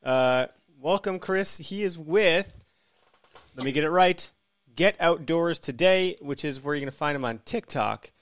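A man's voice: fairly high pitch, no room sound, studio quality. Upbeat Wisconsin man hosting a podcast. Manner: upbeat, friendly, quick banter. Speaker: podcast host. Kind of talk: casual podcast interview.

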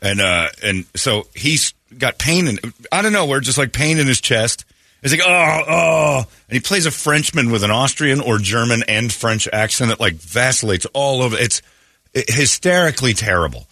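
Radio morning show guy, bright voice, dry studio mic, rambling story with lots of laughs. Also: medium pitch, moderate pace, no echo. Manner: animated storytelling, laughing often. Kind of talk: casual radio banter.

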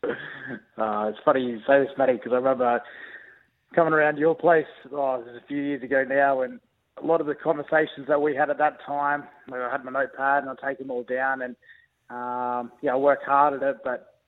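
Young aussie bloke on a crackly phone call, relaxed and rambly, lots of ums. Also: male voice, medium pitch. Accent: Australian. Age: young adult. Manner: easygoing, halting with many ums and restarts. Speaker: rugby league player interviewed by phone. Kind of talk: casual phone interview. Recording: tinny phone line.

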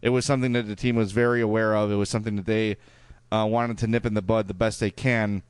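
A man's voice: on the low side, little pitch movement, fast talker, clear, resonant tone, no echo. A man with a Chicago accent, co-hosting a hockey podcast in casual chat and reading out listener emails with frequent "uh" fillers. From Chicago area. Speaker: podcast co-host.

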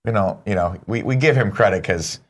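A man's voice: lowish voice, brisk, slightly rough. Man ranting animatedly with swearing. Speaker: co-host. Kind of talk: casual chat.

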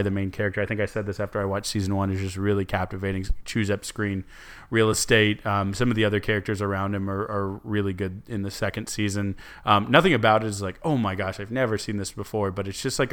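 Chatting casually as a podcast co-host, this young man wanders off on tangents, frequently restarting and peppering his speech with "like" and "um." His lowish voice has a fairly bright, clean tone.

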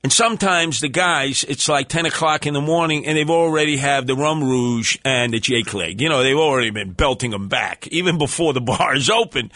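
A middle-aged man hosting a call-in radio show, telling stories in a brash, swaggering way with loud outbursts. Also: on the high side, no echo, studio quality. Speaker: radio talk show host. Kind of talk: animated storytelling call-in radio.

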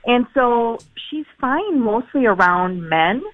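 A woman calling in to a radio show, telling her story in a hesitant, halting way with many fillers. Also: a little high, lively intonation, dry recording. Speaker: caller. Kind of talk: phone-in call. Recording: tinny phone line.

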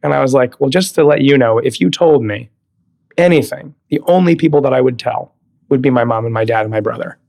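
A man's voice: medium pitch, fairly quick, creaky, darkish tone. A man in his thirties from California, a guest on an interview podcast, telling stories animatedly, laughing often and acting out quoted dialogue. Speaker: guest, Broadway actor. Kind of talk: casual interview chat.

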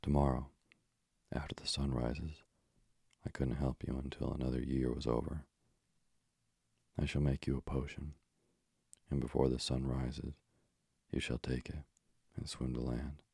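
A man voicing a hideous, scornful old sea witch in a storybook reading, with slow, gravelly menace. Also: very deep voice, little pitch movement, dark tone, no echo, studio quality, exaggerated voice. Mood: menacing.

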